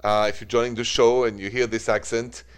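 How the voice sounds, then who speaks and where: French guy with a thick accent hosting a late-night advice call-in, easygoing and unhurried. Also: medium pitch, flat delivery, clean tone. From France. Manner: warm-toned, unhurried, mixes French greetings into English. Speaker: radio advice show host. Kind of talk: call-in radio talk.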